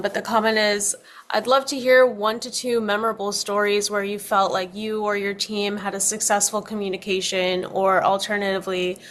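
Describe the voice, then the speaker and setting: A woman moderates a panel discussion and reads out questions from the audience. Her pitch stays flat and even throughout, and her delivery is steady and measured.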